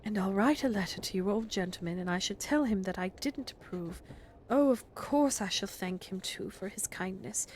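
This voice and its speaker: A woman voicing a gentle mother, speaking in a soft, hushed, tender way in a storybook reading. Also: mid-range voice, moderate pace, slight background noise, natural voice. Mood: firm. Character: gentle loving mother of three.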